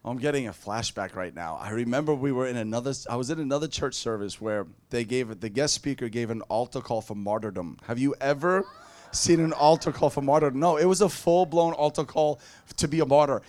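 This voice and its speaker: A man preaching a sermon through funny personal stories, animated and often breaking into laughter. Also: medium pitch, fairly quick. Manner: animated, laughing storyteller who mimics people. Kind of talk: storytelling sermon.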